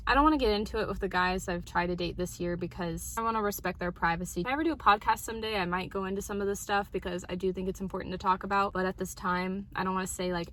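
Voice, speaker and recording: A young adult woman vlogging, talking candidly and quietly in a reflective, confessional way. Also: mid-range voice, a little hiss or hum, poor audio. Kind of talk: confessional talk to camera.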